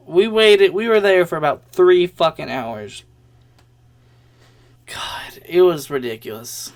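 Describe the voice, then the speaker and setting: A man's voice: fairly high pitch, fairly bright tone. A young man vlogging a rambling personal story in a casual way, swearing often and laughing between lines.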